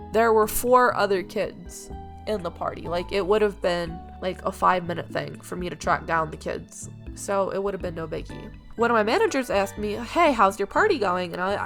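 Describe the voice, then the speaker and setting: A woman's voice: medium pitch, creaky, fairly bright tone. A young woman telling work stories in a chatty, casual vlog, full of "like"s and acted-out quotes. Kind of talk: casual storytime over gameplay.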